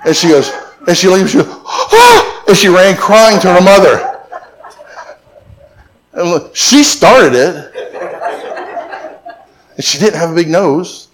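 A man's voice: sits high, moderate pace, long pauses. Emphatic storytelling preacher man. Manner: storytelling preacher, joking asides, emphatic repetition. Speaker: pastor. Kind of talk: sermon.

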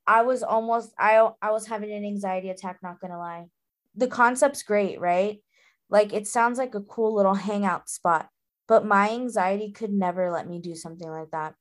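A woman's voice: medium pitch, moderate pace. Woman cohost on a book podcast, fired up and indignant, super casual, like like like. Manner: animated and indignant, thinking out loud. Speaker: podcast co-host.

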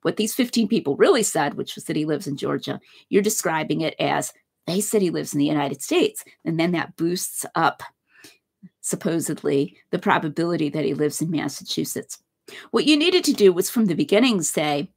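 A woman's voice: on the low side, expressive, moderate pace, slightly rough. A woman giving a conversational philosophy lecture, walking through a hypothetical example step by step.

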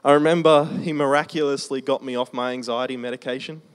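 A man's voice: mid-range voice, steady tone, clean tone. Man preaching a personal testimony. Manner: conversational storytelling, slowing for emphasis. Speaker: preacher sharing his testimony. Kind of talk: testimony sermon.

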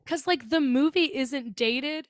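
A woman in her twenties co-hosting a horror movie podcast, chatting casually and excitably with lots of "like" and swearing. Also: sits high, a little slow, no echo, clean studio sound. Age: 20s. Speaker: podcast co-host. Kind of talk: casual chat.

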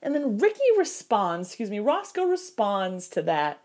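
A woman giving casual film commentary, animated and jokey, with mock outrage and quick impressions of characters. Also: medium pitch. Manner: quoting characters in quick put-on voices. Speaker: film reviewer.

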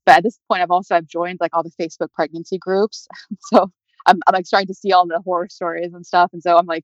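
A young woman tells her own story as an interview guest, speaking quickly and filling her sentences with casual fillers. The recording is dull and lo-fi, with a dry sound and no room echo. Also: lowish voice, flat delivery. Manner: chatty, many fillers like "like" and "you know". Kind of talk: personal storytelling.

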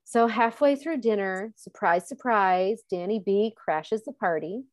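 A woman's voice: mid-range voice, a little slow. A woman co-hosting a podcast, casually recapping a show, laughing often and acting out lines. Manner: chatty, laughs often, acts out quotes. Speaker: podcast co-host.

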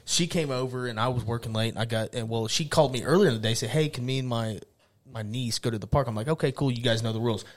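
Fast-talking, blunt man in his thirties. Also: mid-range voice. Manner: blunt, stern, profane storytelling. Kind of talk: casual chat.

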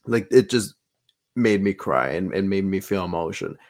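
A man's voice: sits low, lively intonation, normal speed, a little mellow. A man co-hosting a podcast in casual chat, earnest and hesitant, stumbling over his words. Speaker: podcast co-host.

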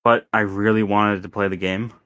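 A man's voice: fairly low pitch, flat delivery, normal speed, fairly bright tone, clear, resonant tone, no echo. A man co-hosting a podcast, speaking earnestly and hesitantly, often restarting sentences. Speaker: podcast co-host. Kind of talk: casual chat.

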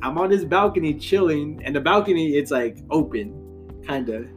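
A man's voice: fairly high pitch, animated, moderate pace, dull audio, faint music behind. A young man in casual chat, telling a story animatedly with laughter and slang.

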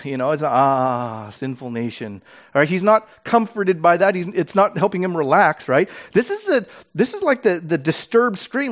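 Animated high-voiced male preacher. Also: moderate pace. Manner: animated, dramatic readings of scripture with fillers and restarts. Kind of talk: sermon.

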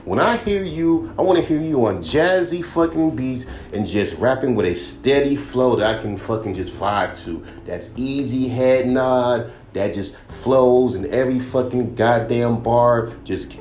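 A man's voice: a little slow, hardly any pauses, a little mellow. Blunt, cursing young man in an echoey room. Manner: blunt, swears constantly, mocks critics in higher voice. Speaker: podcast host and rapper. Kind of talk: profane casual rant. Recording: echoey room with faint music.

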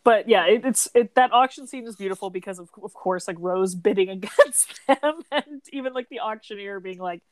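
A woman's voice: mid-range voice, normal speed, few pauses, dry recording. Chatty woman podcaster, dry close sound. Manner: chatty, filler-heavy, swears casually, laughs often. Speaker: podcast co-host. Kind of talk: casual chat.

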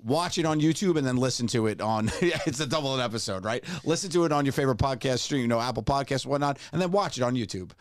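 A man hosting a comedy podcast, chatting casually and reacting quickly to his guest. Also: mid-range voice, animated, no room sound. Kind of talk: casual chat.

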